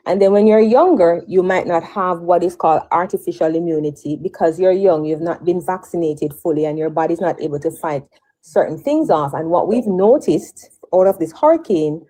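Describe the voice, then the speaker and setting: A woman's voice: on the low side, moderate pace, mellow, poor audio. A woman explaining health advice as a talk-show guest, careful, with frequent restarts.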